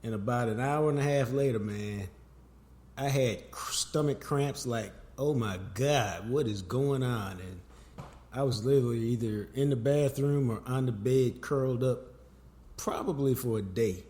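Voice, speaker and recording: A man, hosting a casual sports podcast and telling stories with big swings in pitch and loudness. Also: moderate pace. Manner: animated, storytelling, wide swings in pitch and loudness. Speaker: podcast host. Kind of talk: casual sports talk chat.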